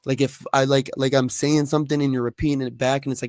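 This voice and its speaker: This young man co-hosts a podcast, talking fast with few pauses in a medium-pitched voice as he animatedly tells stories and swears without restraint. The studio-quality recording is dry.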